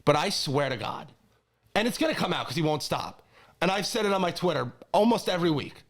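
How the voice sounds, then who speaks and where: A young man co-hosting a casual sports chat, excitable and quick to rant and get worked up. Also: a little high. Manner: excitable, ranting, gets worked up. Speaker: co-host.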